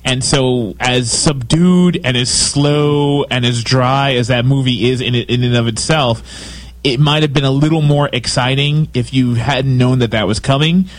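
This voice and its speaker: Animated opinionated man, dry sound. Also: medium pitch, no room sound. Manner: animated, opinionated, quick asides. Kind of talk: casual chat.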